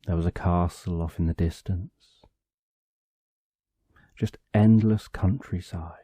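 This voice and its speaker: A man narrating a bedtime story for sleep, calm and drawn out, in short phrases with long pauses. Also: low voice, slightly rough, no echo.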